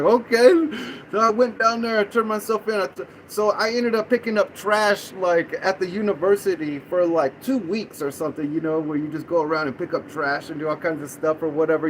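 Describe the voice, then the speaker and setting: A man casually telling a long story on a livestream, rambling and animated, full of "dude" and "you know what I'm saying.". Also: fairly high pitch, slight background noise, poor audio. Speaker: livestream host.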